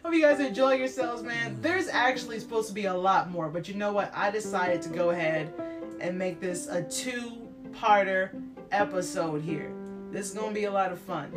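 A woman's voice: mid-range voice, normal speed, over music. A woman hosting a casual podcast, blunt and laughing often, swearing freely as she chats. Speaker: podcast host.

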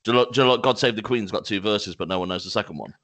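Low-voiced man bantering. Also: very fast, a bit bright. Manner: swears freely, joking and rambling. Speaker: podcast host. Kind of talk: casual banter.

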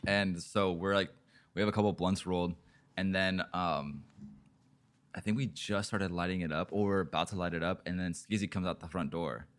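A podcast host chatting casually, telling rambling, profane stories full of fillers. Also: male voice, sits low, steady tone, normal speed, a bit bright.

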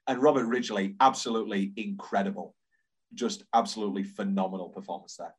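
A man's voice: lowish voice, fast, slightly rough. A man, co-hosting a podcast and working through his notes on a film, quoting its lines as he goes. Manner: reads scene notes aloud, quoting lines. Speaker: podcast co-host. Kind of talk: casual film discussion.

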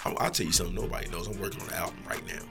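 A man's voice: deep voice, racing, gravelly, over music. A man, a rapper guest, telling rambling, profane stories in a laid-back casual way. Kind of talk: casual storytelling.

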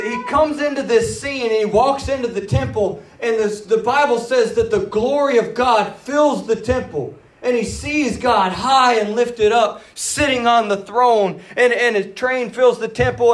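A man preaching a sermon in an animated, dramatic way, acting out the quoted words. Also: extremely high pitch. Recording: roomy, voice from a distance.

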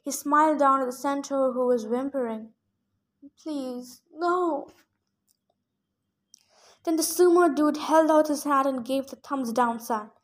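Female audiobook reader, high pitched, expressive narrator. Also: moderate pace, hardly any pauses. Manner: expressive first-person narration. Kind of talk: reading a novel aloud.

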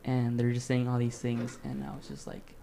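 A man's voice: mid-range voice, animated, normal speed, gravelly, background noise. A young man casually telling a long story on a podcast, full of swearing and "like". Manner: loose, profane storytelling with lots of "like". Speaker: podcast co-host.

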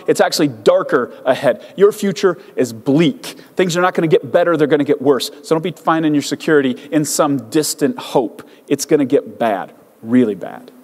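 A man's voice: on the high side, long reverb tail, natural voice. A preacher voicing a swaggering, aggressive enemy army officer who mocks and taunts his foes. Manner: mocking, aggressive trash talk.

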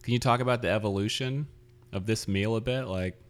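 A man hosts a casual interview in a lowish voice, asking curious questions. His delivery is relaxed and loose, padded with fillers like "like" and "you know.". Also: a little fast. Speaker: interviewer host.

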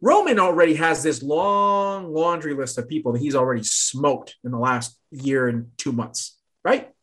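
A man co-hosting a casual wrestling podcast, excitable and quick to jump in and push back. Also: a little high, husky. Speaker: podcast co-host.

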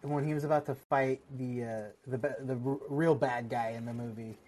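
A man's voice: medium pitch, fairly even intonation, a little fast, a crowd in the background. A man who is a podcast guest, retelling movie scenes with lots of laughter. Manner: laughing storyteller. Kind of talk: casual chat.

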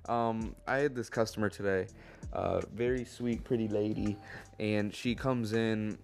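A man's voice: lowish voice, steady tone, unhurried, creaky, a little mellow. A young man in a casual podcast chat, rambling through an anecdote. He swears often and talks in an easygoing way. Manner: swearing, storytelling with acted quotes and laughs. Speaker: podcast co-host.

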